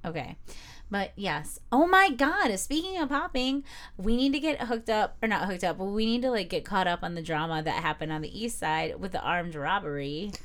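A woman co-hosts a casual podcast chat, telling stories animatedly and swearing freely. Her voice is mid-range and she talks at normal speed.

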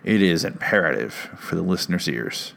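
A man's voice: low voice, animated, moderate pace, vocal fry, fairly bright tone. A man hosting a comedy podcast from a studio, talking into a close mic in a rambling, sarcastic, self-mocking way. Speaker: podcast host. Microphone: studio mic with headphones.

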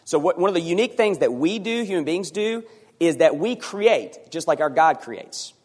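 A man preaching a sermon as pastor, animated and sometimes acting out voices for emphasis. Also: on the high side, moderate pace, long reverb tail.

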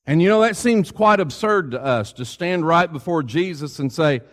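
A man's voice: fairly high pitch, lively intonation, moderate pace, hardly any pauses. Man preaching a conversational sermon. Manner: storytelling, retelling scripture in a conversational tone.

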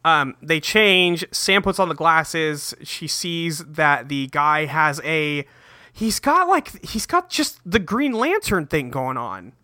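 A man co-hosting a casual podcast, recapping a cartoon episode in a profane, joking way and tossing in quick quoted lines. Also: fairly high pitch, animated, sharp tone. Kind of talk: casual chat.

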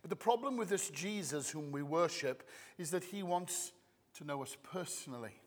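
A man preaches to his congregation in a warm, conversational sermon style, swinging widely up and down in pitch. His voice sits high and bright, and it carries a long reverb tail from the church hall. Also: expressive, normal speed. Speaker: pastor.

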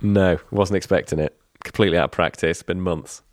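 A man's voice: deep voice, steady tone, fairly quick, dry recording, clean studio sound. A man co-hosting a podcast in casual chat, rambling with fillers and swearing loosely. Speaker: podcast co-host.

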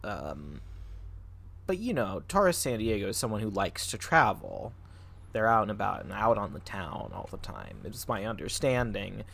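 A man's voice: on the low side, very animated, normal speed, vocal fry, fairly bright tone. A man co-hosting a casual podcast, thinking aloud and joking as he builds his case. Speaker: co-host.

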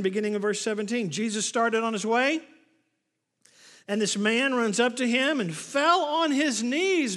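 A man preaching a sermon as pastor, retelling a Bible story and acting out the lines of the people in it. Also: high-pitched. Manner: animated storytelling, acts out the scripture scenes. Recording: long hall reverb.

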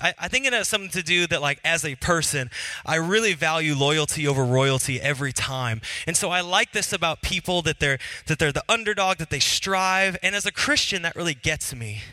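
Earnest, animated man with a bright voice. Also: on the high side, fairly quick, no echo. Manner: animated and earnest, many fillers and restarts. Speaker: Christian speaker. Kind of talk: casual personal talk.

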